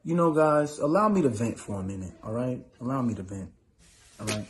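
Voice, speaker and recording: A man's voice: medium pitch, lively intonation, brisk, background noise. A married man co-hosting a podcast, venting in a playful, exaggerated way and teasing his wife. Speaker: co-host. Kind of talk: comedic podcast banter.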